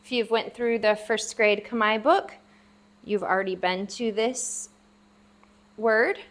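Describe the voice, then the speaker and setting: Seated at a table and writing words out for the viewer, a woman with a mid-range voice gives a casual spoken language lesson. She speaks slowly, patiently sounding out each syllable several times.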